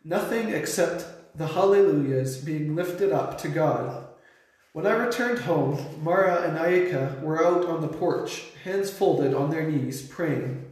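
A young man earnestly reading his own short story aloud, lifting his voice sharply for shouted lines. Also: on the high side, unhurried. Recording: very echoey room.

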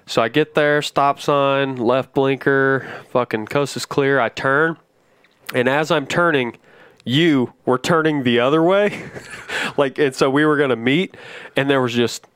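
A man co-hosts a podcast and tells meandering stories in easy, swear-filled chat. His voice is smooth and clear, and the sound is dry and close to the mic. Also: medium pitch, unhurried, fairly bright tone, no room sound. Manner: swears freely, rambling storyteller. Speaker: podcast co-host. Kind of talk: casual chat.

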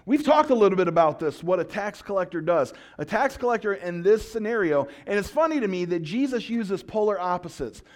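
A male pastor preaching a sermon, telling stories with jokes and acted-out quotes. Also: high voice. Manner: storytelling, animated and joking, with acted-out quotes.

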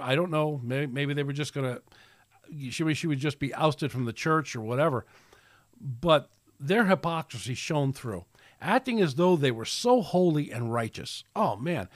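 A man's voice: on the high side, expressive, moderate pace, dry recording, clean studio sound. A man hosting a casual solo podcast, rambling and preachy, with many restarts and fillers. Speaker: podcast host.

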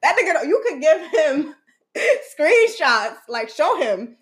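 A young woman co-hosting a casual chat show, her voice high and swooping as she tells stories. She laughs often and acts out the people she quotes. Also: very animated, slow. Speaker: podcast co-host.

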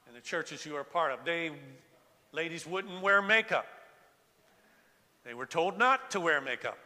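A man's voice: a little high, expressive, moderate pace, bright, forceful tone, in a large hall. An older man preaching a sermon in a church sanctuary, talking with the congregation, asking them to raise their hands and often restarting his sentences. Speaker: pastor.

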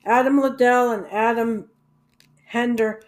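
A woman's voice: on the high side, steady tone, a little slow. A woman in a casual rambling monologue about music, hesitant, with many fillers and restarts and some blunt swearing. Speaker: music vlogger.

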